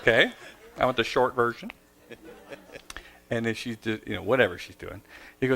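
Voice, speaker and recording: A middle-aged man talks through a parenting story in an easy, conversational way, at an everyday middle pitch. He acts out the dialogue himself and shifts up high when he plays the child. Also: moderate pace, gravelly, pauses often, bright, forceful tone, a little hiss or hum. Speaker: speaker giving parenting advice. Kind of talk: storytelling talk.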